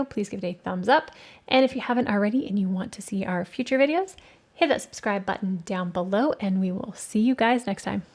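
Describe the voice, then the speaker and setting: A woman hosting an art channel, casually reviewing watercolor paints and thinking aloud with hesitant fillers. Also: mid-range voice. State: has the hiccups.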